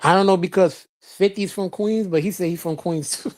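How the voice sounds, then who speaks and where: Here a live-stream host who lives in Florida gives casual commentary, reading chat, answering it, and laughing a lot in a loose, blunt manner. The voice is medium in pitch and a little mellow, moving at a moderate pace.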